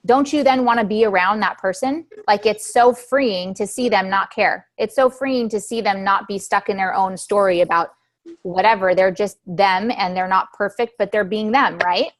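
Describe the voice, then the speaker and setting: A woman's voice: medium pitch, moderate pace. A woman in her thirties leading a motivational talk for her team on a group call, emphatic, repeating key phrases and asking her listeners questions. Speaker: team leader giving a training recap.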